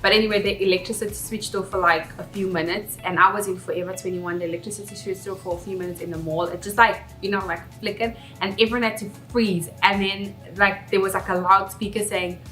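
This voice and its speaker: This young South African woman speaks fast with hardly any pauses, her medium-pitched, fairly bright voice keeping fairly even intonation. It's a candid, reflective, chatty vlog, recorded with a roomy echo over faint background music.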